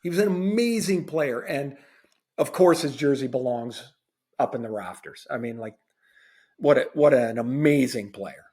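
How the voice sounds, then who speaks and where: A man's voice: mid-range voice, normal speed, a little mellow. A man co-hosting a podcast, telling stories in a conversational, slightly sardonic way and repeating phrases for effect. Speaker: podcast co-host, former player. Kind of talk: casual storytelling.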